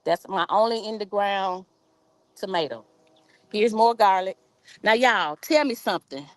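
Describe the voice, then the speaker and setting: A woman with a medium-pitched voice and lively intonation speaks at a measured pace in a dry recording. She's hosting a gardening live stream outdoors in her backyard, chatting casually, reading viewer comments aloud, and using an informal dialect with "y'all." Her audio comes from a phone camera on a tripod.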